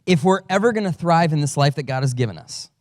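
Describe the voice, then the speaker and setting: Higher-voiced man preaching casually. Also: lively intonation, fast talker, darkish tone, dry recording, clean studio sound. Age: adult father. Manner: storytelling, self-deprecating humor. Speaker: pastor. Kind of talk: conversational sermon.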